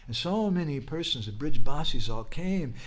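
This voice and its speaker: At a religious festival, a man delivers a storytelling sermon at a moderate pace, animated throughout and leaping high and loud in pitch and volume whenever he quotes someone or cries out. He adds humorous asides and prompts his listeners with things like "huh?"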